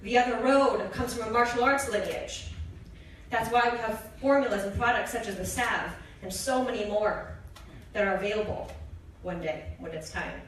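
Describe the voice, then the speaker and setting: A slightly winded woman in her thirties talks to an audience from a stage, chatty and light, with quick laughing asides. Her voice sits a touch high. It carries through a very echoey hall from a somewhat distant mic. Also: slight background noise. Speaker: speaker presenting products on stage. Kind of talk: casual stage talk.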